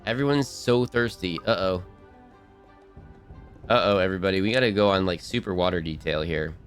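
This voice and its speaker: A man's voice: deep voice, moderate pace, soft background music. A man streaming a game live, chatting casually and bubbly, rambling and restarting his sentences.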